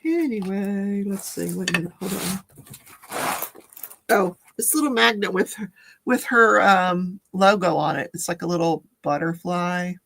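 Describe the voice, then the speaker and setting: An older woman hosts a casual livestream in a voice with a gravelly, creaky edge. She rambles through her story, backtracking and correcting herself along the way. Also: medium pitch, measured pace, a bit bright. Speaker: livestream host.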